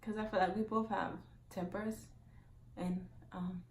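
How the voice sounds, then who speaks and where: A young woman telling a casual storytime monologue as a vlogger, chatty and full of "like", acting out quotes loudly. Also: medium pitch, flat delivery, a little slow, echoey room, slight background noise.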